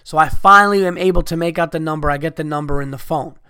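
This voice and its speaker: A man in his thirties rants through a profane story on his podcast, his voice sitting a little high and coming through smooth and clean. He is recorded close and dry, with no room sound behind him. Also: fast talker, pushed and bright, dry recording. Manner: profane, heated, ranting. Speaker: podcast host. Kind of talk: angry storytelling rant.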